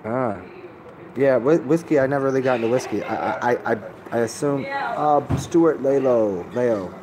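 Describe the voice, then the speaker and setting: A man's voice: mid-range voice, moderate pace, background noise. A man rambling casually to his live-stream viewers, laid-back and profane, often restarting his sentences. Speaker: livestreamer answering chat.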